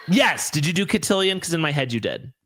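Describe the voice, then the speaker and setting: A man's voice: on the high side, sing-song, a little fast, fairly bright tone, slight background noise. A man hosting a podcast, chatting casually about reality TV with lots of fillers and playful asides. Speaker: podcast host. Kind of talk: casual chat.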